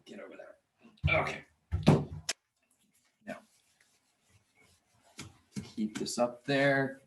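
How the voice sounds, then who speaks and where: A man's voice: medium pitch, steady tone, extremely slow, a bit bright, roomy sound, slight background noise. A man teaching a math lecture, talking himself through the arithmetic and muttering curses under his breath. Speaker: math instructor. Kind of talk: recorded classroom lecture.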